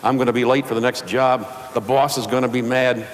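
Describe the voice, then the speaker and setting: A man's voice: mid-range voice, steady tone, brisk, slight background noise, lightly acted. A man voicing a complaining truck driver who repeats his troubles, in a hall with long reverb. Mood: grumbling. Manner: complaining, repetitive. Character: grumbling good old boy truck driver, man.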